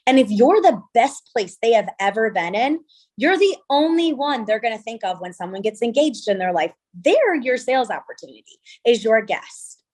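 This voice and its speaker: A woman in her thirties from California, a venue owner telling stories in an interview, chatty and animated with lots of quoted dialogue. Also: fairly high pitch, normal speed. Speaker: venue owner and wedding designer. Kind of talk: interview conversation.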